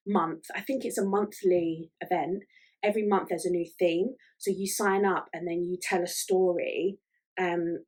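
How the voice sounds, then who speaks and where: A woman talks through her solo podcast in a relaxed, chatty way, often stopping on "um" and "like". Her voice sits a little low for a woman. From Ireland. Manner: chatty, with many fillers like "um" and "like". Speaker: podcast host. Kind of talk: casual solo podcast chat.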